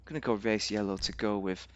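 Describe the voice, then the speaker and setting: A man's voice: lowish voice, a bit bright, no room sound. A man giving rambling, casual commentary on a game, thinking aloud with fillers and restarts. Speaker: game reviewer.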